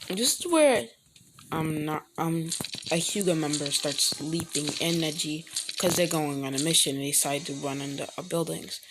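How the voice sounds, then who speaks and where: Halting low-voiced woman telling a fan story. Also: background noise. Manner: halting, frequent self-corrections. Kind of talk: rambling fan-fiction storytelling while gaming. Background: music playing.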